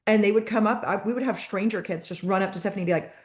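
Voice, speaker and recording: Woman moderator, mid pitch, lively storyteller, casual call. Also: rapid-fire. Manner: lively storyteller who acts out quoted voices. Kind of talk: casual chat on a video call.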